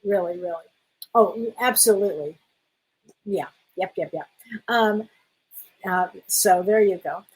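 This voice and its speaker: Middle-aged lady doing a live q&a as a medium, kinda breathy voice, sweet and chatty, reads out comments. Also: mid-range voice, measured pace, long pauses, low-quality recording. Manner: warm, affectionate, calls viewers honey, reads out comments. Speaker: spiritual medium hosting a live Q&A. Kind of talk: casual live-stream chat.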